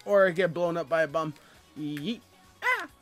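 A young man giving casual gameplay commentary as a let's player, with loud excitable outbursts and a lot of laughing. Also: fairly high pitch, fast talker. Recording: faint game music behind.

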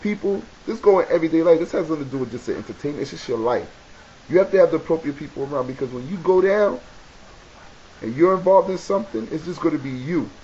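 A man with a New York accent giving a casual advice talk to camera, animated and preachy, repeating key points for emphasis. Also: fairly high pitch, fast talker. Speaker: video blogger. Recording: dull lo-fi webcam audio with faint hiss.

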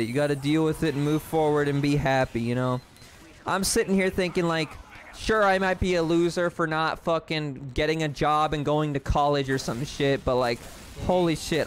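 A man's voice: fairly high pitch, slight background noise. A young man in a rambling, self-deprecating confessional vlog, swearing often while he plays a game at his desk. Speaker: gaming vlogger.

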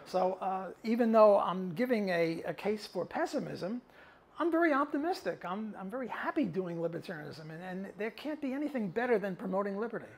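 A man's voice: sits high, animated, a little fast, a little hiss or hum. An older man, an economist, emphatically answering audience questions at a talk, with chuckling asides. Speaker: economist and guest speaker. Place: event venue before a live audience.

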